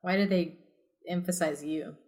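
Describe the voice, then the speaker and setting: A woman's voice: fairly low pitch, fairly even intonation, moderate pace, a little mellow. A woman reading a choose-your-own-adventure story aloud on a podcast, breaking off into sarcastic joking asides. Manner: giggly, sarcastic. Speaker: podcast reader.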